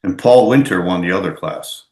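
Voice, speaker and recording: A man's voice: low-pitched, brisk, darkish tone. A man hosting a podcast, giving short replies and steering to the next topic. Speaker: podcast host. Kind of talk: casual interview. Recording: echoey room.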